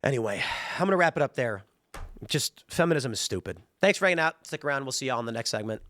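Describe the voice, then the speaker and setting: A man's voice: mid-range voice, expressive, fast talker, fairly bright tone. A man hosting a show, giving blunt, ranting opinion commentary. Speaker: show host.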